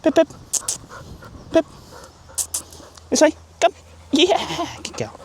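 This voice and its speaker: A man's voice: extremely high pitch, wildly swooping pitch, slow pace, long pauses, slight background noise. A man working as a dog trainer, coaching an owner outdoors on a group walk. He is upbeat and encouraging, with sing-song praise for the dog.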